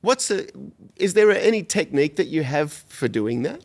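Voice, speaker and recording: A man's voice: on the high side, sing-song, normal speed, darkish tone. Podcast host guy, voice goes up and down a lot, easygoing questions. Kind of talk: casual interview questions.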